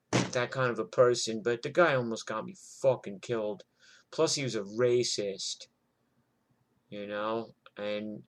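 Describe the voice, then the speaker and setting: A middle-aged man telling a story from his past in a rambling, profane way, full of fillers and asides. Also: medium pitch. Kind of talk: casual spoken storytelling.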